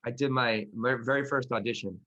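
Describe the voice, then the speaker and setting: A man co-hosting a podcast, chatting casually and rambling with many restarts, laughing at himself, then leading a gentle grounding practice. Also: mid-range voice, a little fast, dull audio. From Philadelphia. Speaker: podcast co-host and class teacher.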